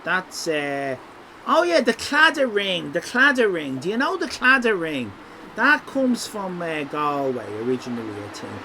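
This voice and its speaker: A man's voice: high-pitched, very animated, unhurried, bright, forceful tone, slight background noise, rough recording. A man giving rambling, teasing live-stream commentary over a city walk. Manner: jokey, rambling, teasing chat.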